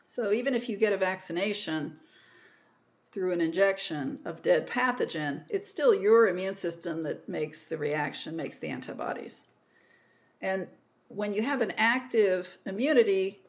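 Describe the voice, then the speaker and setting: A woman's voice: mid-range voice, normal speed, dull audio. A woman giving a recorded microbiology lecture, explaining step by step and rephrasing herself. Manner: explanatory, repeats and rephrases terms, self-corrects.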